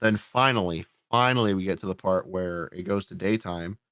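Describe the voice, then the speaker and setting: A man's voice: low voice, normal speed, a bit bright, smooth, no room sound, clean studio sound. A man hosting a podcast, reviewing a horror movie in a casual, sarcastic, rambling way, swearing often. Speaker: podcast host.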